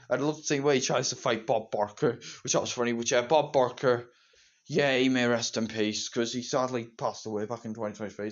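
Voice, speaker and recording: A teenage boy, reviewing a movie in rambling, repetitive fan talk. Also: mid-range voice. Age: teens. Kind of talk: casual solo movie review. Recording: dull lo-fi home recording.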